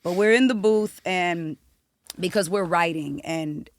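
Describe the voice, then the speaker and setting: A young woman from South Florida, a singer-songwriter telling a story as a podcast guest, animated and profane. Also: on the low side, unhurried. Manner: animated, profane, acts out quotes. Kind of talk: casual storytelling interview.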